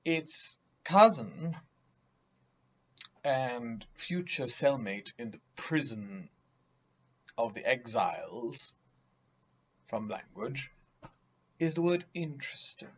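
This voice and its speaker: A man's voice: medium pitch, expressive, slow, long pauses, a bit bright, breathy edge, lo-fi sound. A man giving a vocabulary lesson, speaking emphatically and theatrically, mocking vague words with acted examples. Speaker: teacher.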